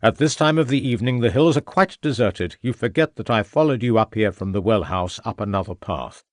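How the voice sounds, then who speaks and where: A man voicing a scheming, murderous Victorian gentleman who gloats and sneers at the inspector. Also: lowish voice, fairly quick, no echo, clean studio sound, lightly acted. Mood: mocking.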